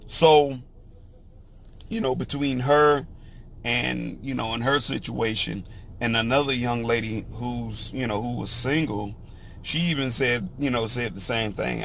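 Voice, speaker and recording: Slow, gravelly man talking casually. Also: mid-range voice, steady tone, fairly bright tone, slight background noise. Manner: slow, halting, with many "you know" fillers and restarts. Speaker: speaker sharing opinions. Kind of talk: casual monologue.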